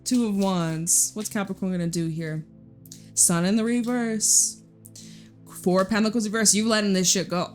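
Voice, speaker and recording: A woman's voice: mid-range voice, normal speed, soft background music. A young woman giving a casual tarot reading, chatty and blunt, swearing freely and laughing often. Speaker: tarot reader.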